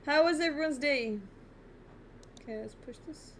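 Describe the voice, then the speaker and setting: A woman's voice: high-pitched, moderate pace, fairly bright tone, a little hiss or hum. A woman streaming live chess, muttering reactions to herself and chatting to viewers between moves from her bedroom at home. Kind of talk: casual live-stream commentary while playing.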